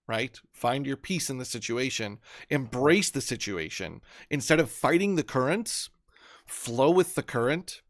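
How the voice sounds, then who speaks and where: A man's voice: medium pitch, no room sound, clean studio sound. Earnest man telling motivational stories. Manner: earnest, storytelling, many restarts. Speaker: host. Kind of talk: motivational talk on a live stream.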